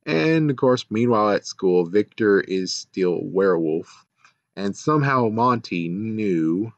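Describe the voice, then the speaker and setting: A man with a fairly low voice rambles through a show recap, sarcastic and exasperated, swearing now and then. The sound is dull and lo-fi, with a dry, close feel and no room around it. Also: expressive, slow, no room sound. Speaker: show reviewer. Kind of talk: casual episode recap and review.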